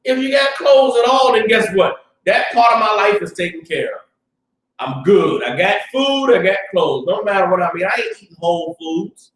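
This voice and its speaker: A high-voiced man with a Southern US accent preaches in a fiery, loose street style, breaking into shouts at his peaks. He stands back from the mic in a very echoey room. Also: expressive, normal speed. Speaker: class teacher. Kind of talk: preaching class, casual street talk. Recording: roomy echo, distant mic.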